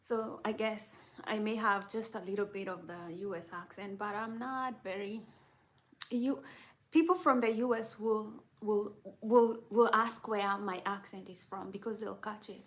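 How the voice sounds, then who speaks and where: A woman's voice: mid-range voice, steady tone, unhurried. A young woman from Kenya with a Kenyan accent, chatting casually and answering questions, with lots of restarts and "you know.".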